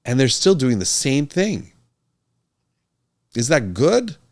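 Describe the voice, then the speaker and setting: A man's voice: mid-range voice, very animated, takes it slowly, darkish tone. A middle-aged man, a physician hosting his own podcast and speaking to a camera in an earnest, emphatic way that repeats his key points. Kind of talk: casual talk to camera.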